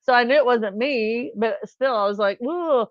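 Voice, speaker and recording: A woman's voice: a little high, normal speed, no room sound. A middle-aged woman chatting on a livestream, telling anecdotes and acting out the people in them. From California. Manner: chatty storytelling, acts out voices in anecdotes. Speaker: livestream host. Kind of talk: casual chat. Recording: dull lo-fi livestream sound.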